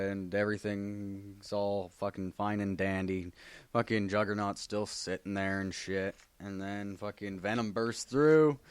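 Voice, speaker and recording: A man in a casual vlog, rambling and cursing freely with plenty of ums and uhs. His voice sits low and sounds smooth and clear. The recording is close and dry. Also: no echo. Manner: rambling, heavy swearing, many fillers. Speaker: comic book vlogger. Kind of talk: casual chat.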